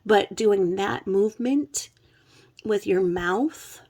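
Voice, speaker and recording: A woman's voice: mid-range voice, slow pace, darkish tone. A woman who is sick with covid, talking in a chatty, blunt, rambling way and swearing freely. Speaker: true crime commentary host. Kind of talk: casual rambling commentary.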